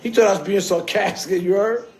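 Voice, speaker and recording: This male livestream host has a high voice, a bit quick and a bit mellow, with some vocal fry, while faint music plays in the background. He chats casually in slang and often tacks on "you heard?", all recorded off a phone screen.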